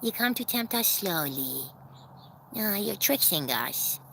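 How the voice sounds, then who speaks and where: A woman chatting casually on a livestream from her backyard coop, laughing often, giving viewers shout-outs and calling to her hens. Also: big pitch swings, slow pace, creaky. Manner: calls to her hens in a very high sing-song voice. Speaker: vlogger hosting a livestream premiere. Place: outdoors in a backyard by the chicken coop.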